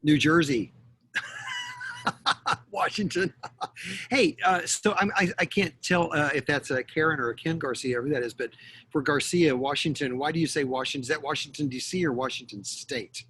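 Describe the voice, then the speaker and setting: A man's voice: a little high, big pitch swings, normal speed, bright, forceful tone, a little hiss or hum. A middle-aged man from Texas giving an online lecture, chatty and jokey with lots of fillers. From Texas, USA. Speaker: guest lecturer. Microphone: video call.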